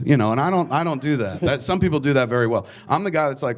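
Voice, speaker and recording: A man's voice: medium pitch, fast. A man in his forties telling rambling, profane stories on a conference stage. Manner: profane, rambling, animated storyteller. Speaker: filmmaker guest speaker. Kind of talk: storytelling conference talk. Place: conference stage before an audience.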